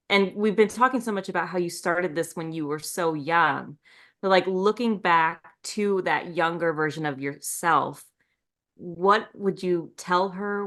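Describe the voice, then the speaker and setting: A woman's voice: fairly low pitch, fairly bright tone. A woman co-hosting a casual podcast, asking questions in an enthusiastic, playful way. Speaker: podcast co-host.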